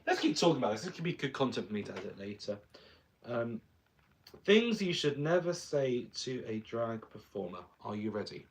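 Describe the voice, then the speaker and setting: A man's voice: mid-range voice, sing-song, normal speed, slight background noise. Drag queen guy chatting thru his makeup, bouncy up and down voice, jokey. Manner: chatty and playful, laughs often. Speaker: drag performer. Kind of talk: casual chat while doing makeup.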